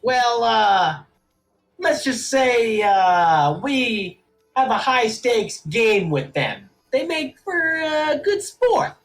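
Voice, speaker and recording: A man doing a shrill, smug British gambler. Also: very animated, extremely slow, soft background music, heavily acted. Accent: put-on British. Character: smug high-voiced male gambler jailer.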